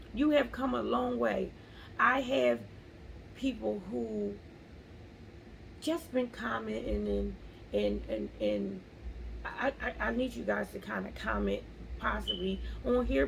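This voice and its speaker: A woman's voice: a little high, vocal fry, a little hiss or hum, poor audio. A woman vlogger speaking earnestly about faith and pressing on, repeating key phrases for emphasis. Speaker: motivational vlogger. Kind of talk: casual faith-based encouragement.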